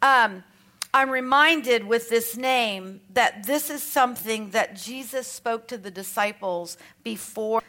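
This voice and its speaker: A woman's voice: fairly high pitch, slow, sharp tone. A woman with an Australian accent teaching on scripture in a chatty, conversational way, with light self-mocking asides. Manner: reads scripture aloud between remarks. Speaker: Bible teacher.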